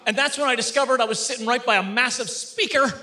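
High, bright-voiced male stand-up comic. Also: fast talker. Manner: animated storytelling, mock voices for others. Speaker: stand-up comedian. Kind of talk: stand-up comedy routine. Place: stage before a live studio audience.

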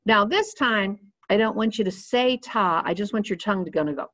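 A woman's voice: mid-range voice, brisk, a bit bright. A woman giving a clarinet lesson, explaining each step patiently while she demonstrates. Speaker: clarinet teacher.

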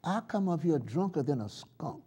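Man, pastor, live sermon in church, high voice, wildly swooping pitch, shouts then murmurs. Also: lively intonation, normal speed, husky. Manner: swings from loud shouts down to hushed murmurs; leads call-and-response chants. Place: church sanctuary.

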